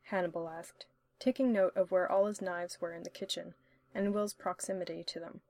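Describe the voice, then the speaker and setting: A woman's voice: lowish voice, fairly even intonation, moderate pace, darkish tone, no room sound. Woman narrating a story, dry close sound. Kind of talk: audiobook-style story reading.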